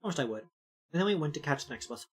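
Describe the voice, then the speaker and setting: A woman voicing a hurt, sensitive goth girl narrating a visual novel in a quiet, subdued way. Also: sits low, sing-song, racing, breathy edge, voice pushed down, heavily acted.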